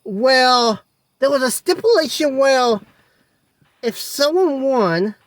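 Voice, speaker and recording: A woman's voice: high voice, expressive, slow, no echo. A woman co-hosting a casual wrestling talk show, eagerly booking matches and acting out promos in quoted voices. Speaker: podcast co-host.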